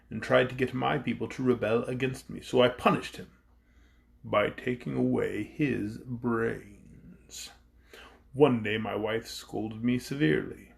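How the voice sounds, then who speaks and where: A proud mountain ruler and sorcerer voiced by a man who brags about his own cleverness and grumbles about his enemies. His voice is gravelly, at a middle pitch. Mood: boastful. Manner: self-satisfied, grumbling storytelling. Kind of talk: audiobook character voice.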